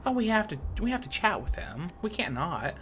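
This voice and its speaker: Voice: medium pitch, sing-song, fairly quick, a bit bright, soft background music. A game streamer reading a story game aloud with playful, self-mocking commentary and frequent laughter.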